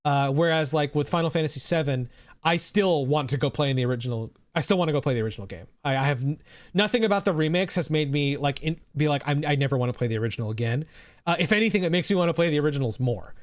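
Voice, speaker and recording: A man's voice: a little high, fast, dry recording. A man streaming live, chatting casually and rambling, swearing freely and answering his chat.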